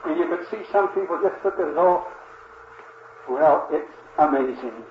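An older man preaching a sermon in an earnest, reverent manner, speaking slowly and often pausing with "uh" to address his listeners as dear friends. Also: fairly high pitch. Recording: dull roomy old recording with faint hiss.

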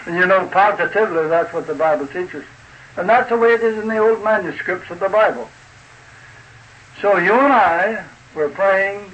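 A man preaching a sermon in a slow, deliberate, folksy way, asking his listeners rhetorical questions. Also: high-pitched, fairly bright tone, breathy edge, low-quality recording. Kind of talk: sermon explaining a chart.

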